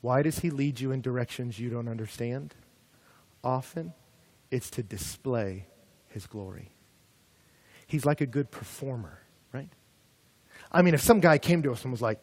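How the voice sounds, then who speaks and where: Animated young male preacher, dry close sound. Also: mid-range voice, moderate pace, pauses often, no room sound. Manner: animated, builds to shouting in comic retellings. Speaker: pastor. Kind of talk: sermon. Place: campus ministry gathering.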